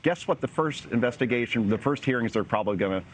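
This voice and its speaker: Brief: male pundit, sarcastic and emphatic, animated pitch, faint hiss behind. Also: fast. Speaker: political commentator. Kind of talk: news panel commentary.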